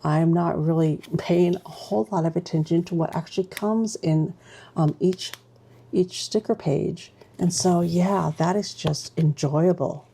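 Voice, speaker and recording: Low gravelly woman gushing over stationery. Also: dark tone. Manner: gushing, exclamatory, chatty with fillers. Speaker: stationery vlogger. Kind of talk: casual unboxing chat.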